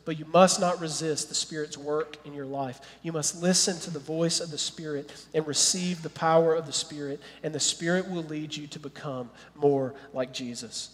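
A man preaching a sermon as pastor, animated and earnest, at times dropping to a soft, quiet prayer. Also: a little high, long reverb tail.

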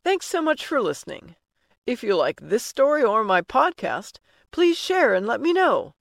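A woman's voice: on the high side, sing-song, normal speed, creaky, dry recording. A woman hosting a storytelling podcast, narrating a comic story in a wry, dry manner.

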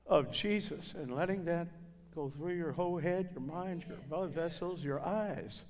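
A man's voice: on the high side, unhurried, a crowd in the background. Preacher man telling a testimony. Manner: storytelling, acting out quoted voices. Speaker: guest preacher. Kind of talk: sermon testimony. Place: church. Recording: reverberant church hall.

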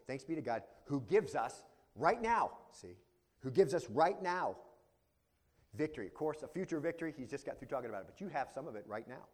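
A man preaching a sermon in a fairly high voice. He teaches verse by verse, explains Greek words and keeps checking in with "see?". He rises to loud emphasis, then drops to quiet asides. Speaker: pastor.

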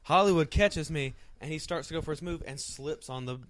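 A man who wrestles, a podcast guest, telling stories in animated casual chat and laughing as he goes. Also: a little high, brisk, over a noisy crowd.

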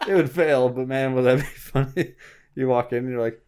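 A man's voice: medium pitch, fairly even intonation, brisk, dark tone, smooth. A young man co-hosting a casual podcast chat, joking and laughing often as he tells stories. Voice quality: laughs often, jokey and playful. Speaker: podcast co-host.

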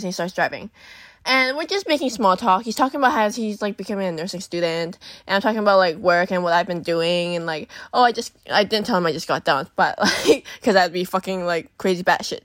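A young woman, telling a dating story on her podcast in a casual, animated, profane way and acting out the voices she quotes. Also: mid-range voice, brisk, no room sound, studio quality. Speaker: podcast host.

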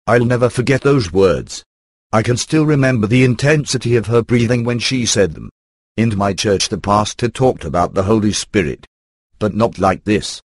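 A man reading a first-person book aloud in an even, computer-rendered narration. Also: fairly low pitch, normal speed, dry recording. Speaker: audiobook narrator.

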